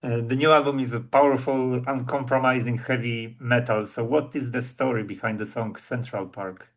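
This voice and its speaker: Interviewer with a mid-pitched voice. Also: male voice, fairly even intonation, normal speed. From Poland. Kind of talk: reading prepared interview questions.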